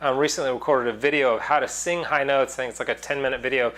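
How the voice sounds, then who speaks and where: A man's voice: medium pitch, fast. Male vocal coach, mid-range voice, easygoing and rambling, teaching casually to camera. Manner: relaxed, rambling explanations with many fillers and demonstrations. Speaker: singing teacher. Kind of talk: casual online singing lesson.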